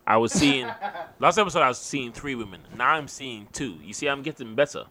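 A man's voice: medium pitch, lively intonation, brisk, crowd noise. A man co-hosting a podcast, brash and boastful in casual banter. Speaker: podcast co-host.

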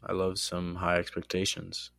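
Excitable man hyping his podcast. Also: deep voice, moderate pace, creaky, no room sound, clean studio sound. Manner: excitable, hypes the show. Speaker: podcast host. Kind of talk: casual sports chat.

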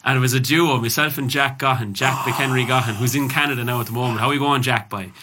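A man's voice: medium pitch, quick pace, noisy background. An Irish man hosting a podcast, chatting casually and telling stories with plenty of swearing. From Ireland. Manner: sweary, animated storyteller. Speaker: podcast host.

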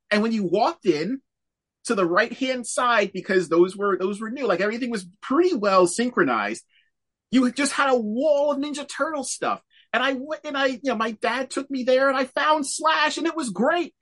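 A man co-hosting a podcast in casual chat over a video call, animated and laughing often. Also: very high voice, moderate pace. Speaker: podcast co-host.

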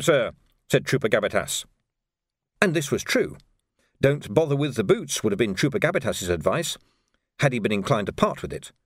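A man narrating an audiobook in a wry, expressive storytelling manner. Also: medium pitch, no echo, studio quality. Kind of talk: scripted narration.

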